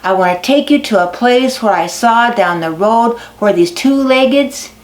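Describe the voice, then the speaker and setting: A woman's voice: fairly high pitch, expressive, moderate pace, natural voice. A woman voicing a big proud male wolf in a told animal tale, speaking in an earnest, plain way. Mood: grateful. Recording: echoey barn recording.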